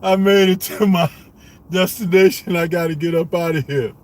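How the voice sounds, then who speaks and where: A man's voice: high voice, moderate pace, darkish tone. A middle-aged man hosting a live stream, chatting casually, laughing often and swearing a lot as he rides in a vehicle. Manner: laughs often, slangy and profane.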